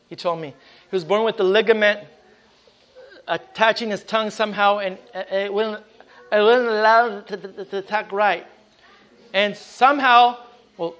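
A fervent male preacher with a notably high voice, telling testimony and calling out praise to God between sentences. He often stumbles over the first words of a phrase as he pushes on. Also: a bit bright. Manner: repeats words at the start of phrases. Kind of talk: sermon with personal testimony. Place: church service with congregation.

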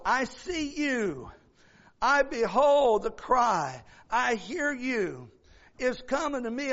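A man's voice: very high voice, fairly bright tone, highs cut off. A man preaching a sermon, quoting scripture and drawing out key phrases with fervor. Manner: fervent, drawn-out preaching with scripture quotes.

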